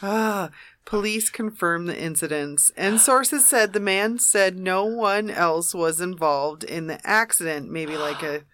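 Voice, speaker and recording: A woman's voice: fairly low pitch, measured pace, fairly bright tone. A woman co-hosting a radio show, reading odd news stories aloud and laughing through the banter. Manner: giggly, reads then comments.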